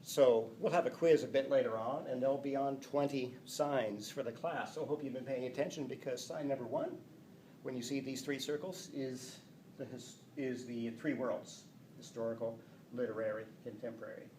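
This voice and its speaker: A man teaching a class, lively and playful, reading example sentences aloud. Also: medium pitch, normal speed, a little hiss or hum. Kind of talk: classroom lecture. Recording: echoey classroom from a distance.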